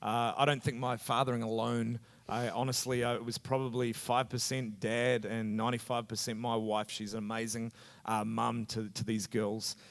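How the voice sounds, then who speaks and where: Earnest New Zealand pastor in a hall. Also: male voice, mid-range voice, flat delivery, normal speed. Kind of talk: casual conversation on a church stage. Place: church hall. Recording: echoey hall reverb.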